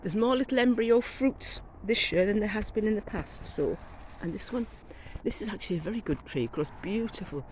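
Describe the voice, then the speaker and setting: Walking her back garden with a phone camera in hand, a middle-aged gardening vlogger talks casually and rambles, enthusing about her plants as a cold sets in. Her mid-range voice is a little mellow at a moderate pace, and the low-quality audio carries slight background noise.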